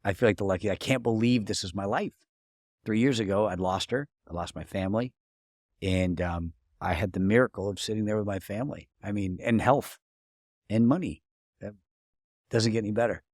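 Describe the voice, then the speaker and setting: A man's voice: fairly low pitch, brisk, a little mellow, no echo, clean studio sound. A middle-aged man as a podcast guest, telling personal stories in an earnest, casual way with many restarts. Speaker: podcast guest, marketing coach. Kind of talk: casual interview talk.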